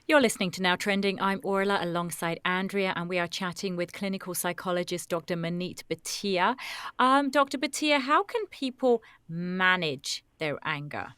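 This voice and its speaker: A woman radio host introducing her show and guest in a clear presenter delivery. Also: on the low side, moderate pace, fairly bright tone, dry recording.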